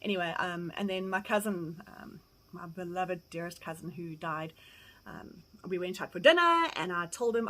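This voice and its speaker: A middle-aged South African woman giving candid, blunt advice, acting out quoted conversations with lively energy and casual swearing. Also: on the low side, unhurried, low-quality recording. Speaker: farm vlogger. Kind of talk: candid personal advice talk.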